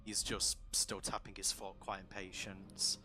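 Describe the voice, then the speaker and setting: A man narrating as dungeon master for a tabletop game, in a relaxed, rambling way with many fillers. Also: low voice, a little slow.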